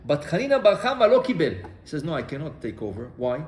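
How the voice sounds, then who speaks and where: Rabbi w telling a gemara story, slightly high voice, echoey room w faint background noise. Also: male voice, fast talker. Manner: animated storyteller acting out dialogue, many restarts. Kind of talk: Torah class storytelling.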